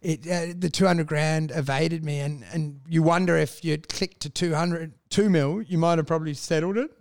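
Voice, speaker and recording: A man in casual podcast chat, an animated storyteller who swears freely. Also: fairly high pitch, normal speed, no echo, studio quality.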